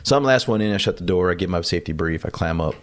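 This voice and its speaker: A man being interviewed, telling a story in an animated, blunt way and acting out the people in it. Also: low-pitched, racing. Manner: animated, acts out quoted dialogue; blunt, salty language. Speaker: podcast guest. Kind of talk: conversational storytelling.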